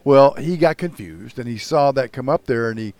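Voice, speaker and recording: An older man hosting a loose podcast conversation. He rants with plenty of swearing and mocks himself. His pitch swings widely, in a lively way. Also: moderate pace, no echo. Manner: profane, ranting, self-mocking. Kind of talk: casual podcast chat.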